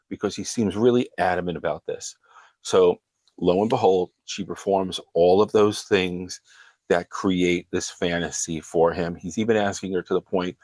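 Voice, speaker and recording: A man's voice: low voice, steady tone, moderate pace, a little mellow, no echo. A man hosting a show, earnestly retelling a counseling client's story. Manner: earnest storytelling, frequently breaking into quoted dialogue.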